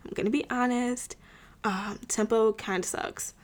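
A woman's voice: fairly high pitch, fairly even intonation, unhurried. A young woman casually recapping a TV episode, chatty and full of filler words, with wry asides. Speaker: show recapper.

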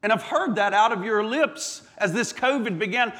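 High-voiced impassioned male preacher. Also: animated, normal speed, hardly any pauses, a bit bright, big-room sound. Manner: impassioned, piling up repeated phrases, with stumbles and restarts. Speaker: pastor. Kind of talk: sermon. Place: church.

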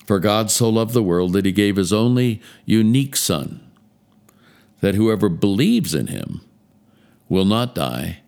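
Deep gravelly pastor preaching slowly. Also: male voice. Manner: slow, measured storytelling with dramatic pauses. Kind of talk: Christmas Eve sermon.

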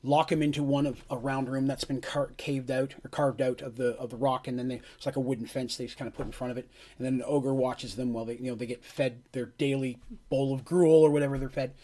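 A man's voice: medium pitch, steady tone, fast, dark tone, lightly acted. A man voicing a weakened enslaved male miner, reporting facts plainly. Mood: weary.

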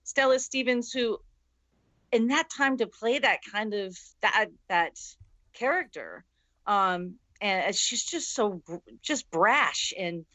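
A woman's voice: medium pitch, expressive, slow, pushed and bright, dry recording. A woman co-hosting a casual movie podcast, talking emphatically and gushing about actors. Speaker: podcast co-host.

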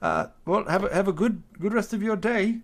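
A man's voice: sits high, normal speed. A man playing his character in a tabletop game, hesitant and fussily polite, stammering often. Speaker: player.

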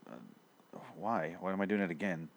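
A man's voice: deep voice, expressive, moderate pace, vocal fry. A man co-hosting a podcast in casual, joking, sometimes profane banter. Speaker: podcast co-host. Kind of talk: casual chat.

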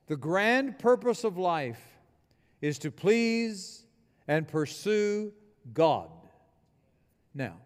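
A man's voice: high voice, very animated, drawn-out words, long pauses, clear, resonant tone, big-room sound. A man preaching a sermon as pastor, emphatic and leading the congregation in call-and-response. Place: church building.

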